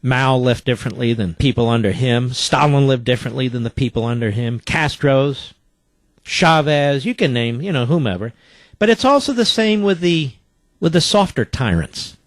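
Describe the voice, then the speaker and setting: A man's voice: mid-range voice, expressive, moderate pace, dry recording. A man hosting a talk radio show, delivering a combative, sarcastic monologue.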